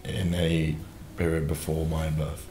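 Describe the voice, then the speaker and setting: A man's voice: very deep voice, monotone, a little slow. A young man in his thirties, comically grilling his father in a dry, probing way. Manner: dry, probing, mock-interrogating. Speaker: host. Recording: roomy with faint music.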